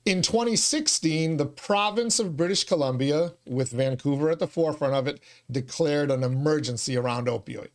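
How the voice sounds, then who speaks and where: Slightly high-voiced man hosting a talk show. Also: moderate pace, few pauses. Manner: argues from common sense, cites figures, asks questions. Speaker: show host. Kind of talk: casual talk show conversation.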